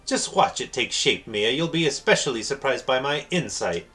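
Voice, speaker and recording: A man's voice: medium pitch, lively intonation, normal speed, bright, forceful tone, soft background music. A man voicing a vain, pompous young male mage with a haughty manner.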